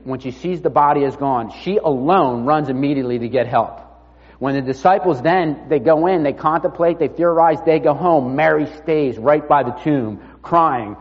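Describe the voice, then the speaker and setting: A man preaching a sermon in a conversational, storytelling way, often dropping his voice low and quiet. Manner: conversational storytelling, drops to near-murmur. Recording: dull sound with long reverb in a hall.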